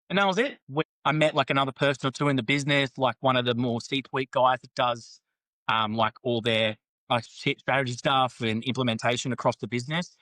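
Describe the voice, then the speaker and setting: Fast-talking guy, sweary and candid. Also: mid-range voice, steady tone, fairly bright tone, no room sound, low-quality recording. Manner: candid, sweary, quotes others in banter. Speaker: podcast guest. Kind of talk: casual storytelling interview.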